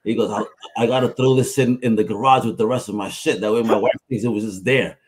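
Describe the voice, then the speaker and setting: A male podcast host who chats in a relaxed, slangy way and swears freely. He launches into anecdotes in a familiar, unpolished tone, like talking to an old friend. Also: on the low side, fast talker, noisy background. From Puerto Rico. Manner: loose and profane, slangy storyteller. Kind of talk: casual chat.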